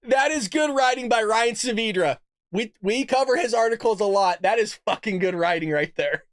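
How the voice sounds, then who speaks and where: A man's voice: high-pitched, normal speed, dry recording, studio quality. A man hosting a casual political commentary show, ranting, swearing and laughing often. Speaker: podcast host.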